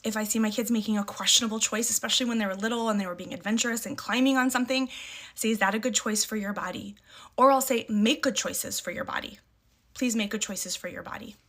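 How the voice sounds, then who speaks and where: A woman's voice: on the high side, quick pace, a bit bright. A middle-aged woman talking casually to camera about parenting. She is emphatic, repeats short catchphrases and acts out the firm replies she gives her kids. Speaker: parent sharing parenting advice.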